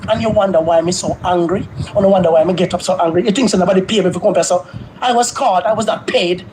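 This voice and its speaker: A man with a Jamaican accent giving an impassioned street speech, shouting, his voice breaking with emotion. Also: high-pitched, fast talker, background noise. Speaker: protester speaking in a played clip.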